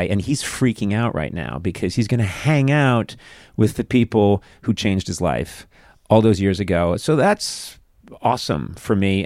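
Onstage at a live show, a man in his sixties hosts a comedy podcast, joking, riffing and poking fun at himself. His voice is lowish, captured in a dry, studio-quality recording.

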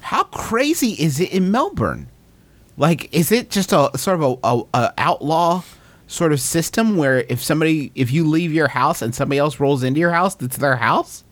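A man's voice: on the high side, lively intonation, normal speed, no room sound. A man co-hosting a comedy podcast, reading questions and joking in a playful, mock-formal way. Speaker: podcast co-host. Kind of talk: casual comedic chat.

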